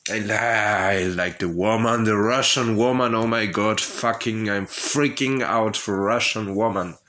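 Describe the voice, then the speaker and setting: Slow, low-voiced man rambling candidly. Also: bright, forceful tone. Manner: hesitant and profane, with frequent laughs and fillers. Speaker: vlogger telling his life story. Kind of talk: rambling personal monologue.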